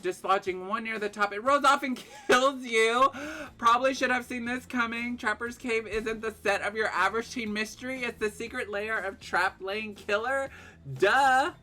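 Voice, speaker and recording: A woman's voice: a little high, moderate pace, sharp tone. A woman streaming a dating game, reading its text aloud and reacting with laughs and shrieks. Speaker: gaming streamer.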